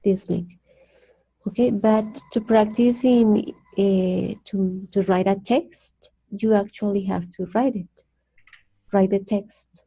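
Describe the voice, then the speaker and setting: A Colombian woman, a native Spanish speaker, teaching an online English class slowly and carefully, repeating words for her students. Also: medium pitch, steady tone, creaky, dark tone, breathy edge. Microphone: video call. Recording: dull lo-fi video call audio.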